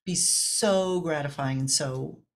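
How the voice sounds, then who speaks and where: Reflective woman host, slightly low voice. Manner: reflective and affirming, building her points slowly. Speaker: interview host. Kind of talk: casual video-call interview.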